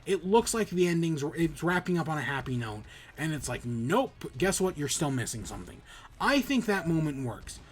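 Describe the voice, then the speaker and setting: Male podcast host, casual game review, rambling, profane, slightly high voice. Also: normal speed, slightly rough. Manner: rambling, profane, animated retelling with many restarts.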